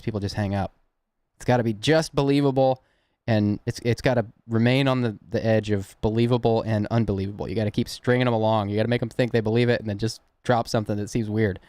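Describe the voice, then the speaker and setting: A man's voice: medium pitch, a little mellow, smooth, no room sound. A young man from the Southern United States with a Southern accent, hosting a prank-call livestream and chatting casually with his viewers in a rambling, chuckling way. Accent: Southern American. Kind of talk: casual live-stream chat.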